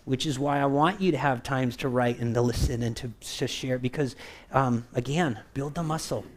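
A man's voice: medium pitch, moderate pace. A man preaching a conversational sermon as pastor, acting out quoted voices and often checking in with "right?". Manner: animated, acts out quoted voices, keeps asking "right?".

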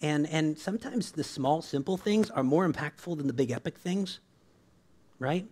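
Chatty pastor with a lively laugh. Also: male voice, on the high side, moderate pace. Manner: conversational, keeps asking "right?", laughs often. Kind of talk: sermon.

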